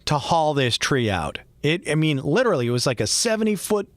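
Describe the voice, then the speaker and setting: Chatty and laughing, this middle-aged Boston-accented podcast host shares a personal story in a casual monologue. He talks briskly in a slightly high voice with big swings in pitch, and there's no room sound.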